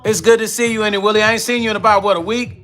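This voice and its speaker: An older man from Brooklyn with a New York accent, chatting casually on a livestream, giving slangy shout-outs to viewers and laughing often. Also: high-pitched, fairly even intonation, rapid-fire, faint music behind. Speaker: music vlogger hosting a livestream.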